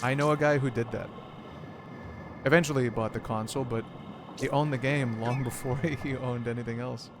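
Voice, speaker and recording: A man's voice: medium pitch, fairly even intonation, normal speed, noisy background. A man streaming a game, chatting casually in a rambling, profane, joking way.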